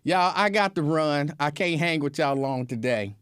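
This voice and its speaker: A man hosting a casual livestream show, telling a story in an animated way, laughing often and acting out scenes. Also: on the high side, normal speed, clean tone, dry recording. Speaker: show host.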